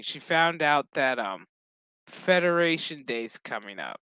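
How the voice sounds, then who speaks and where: A man's voice: fairly high pitch, measured pace, clean tone, no echo, rough recording. A man casually recapping a TV episode, swearing freely and acting out the characters' lines as he goes. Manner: profane, excitable, acts out characters' lines. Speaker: show recap host.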